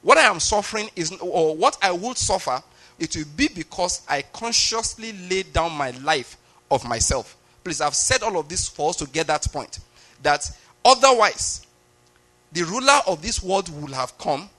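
A man's voice: a little high, sharp tone. A man preaching a sermon, explaining a passage step by step and often checking that his listeners follow.

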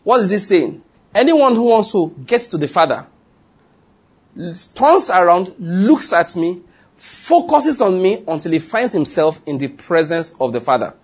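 Male preacher, high-pitched, repetitive teaching delivery in a sermon. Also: very animated, a little slow, breathy edge. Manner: teaching, reads scripture aloud with emphatic repetition.

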